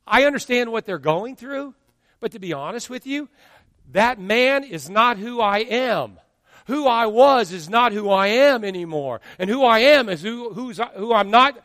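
A man in his fifties, a pastor preaching an animated sermon and acting out quotes from his congregation. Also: very high-pitched, moderate pace, dry recording, studio quality, long reverb tail. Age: 50s.

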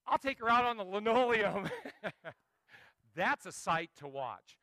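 A man preaching a sermon as pastor, telling animated stories and joking with the congregation. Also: extremely high pitch, moderate pace, no echo.

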